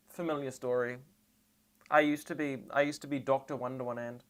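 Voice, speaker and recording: A trans woman streaming live and reacting to memes, rambling and sarcastic with deadpan asides, and tired. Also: very deep voice, brisk.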